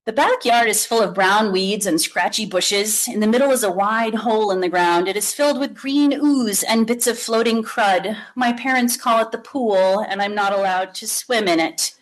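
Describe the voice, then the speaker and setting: Woman reading a kids book out loud, lively expressive. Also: mid-range voice, moderate pace, hardly any pauses, poor audio. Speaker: author reading. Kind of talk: reading a children's book aloud.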